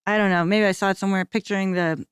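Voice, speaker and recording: In casual chat on a comedy podcast she co-hosts, a woman rambles through her thoughts, interrupts herself, and keeps tagging lines with "okay?". Her mid-range voice is steady, clean, and very fast. The studio-quality recording has no room sound.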